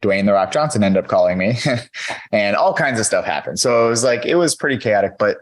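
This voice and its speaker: A man's voice: on the low side, animated, a little fast. A man in his thirties, a podcast guest telling his own story in a candid, earnest way with lots of fillers. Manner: earnest, candid, many fillers like "you know". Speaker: podcast guest, keynote speaker. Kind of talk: storytelling in an interview.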